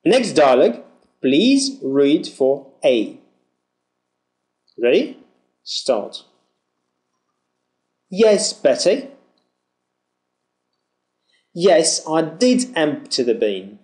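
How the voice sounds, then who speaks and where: A man teaching pronunciation, modelling words and phrases one at a time in a clear, deliberate way. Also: a little high, very animated, darkish tone. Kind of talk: slow drilled pronunciation lesson.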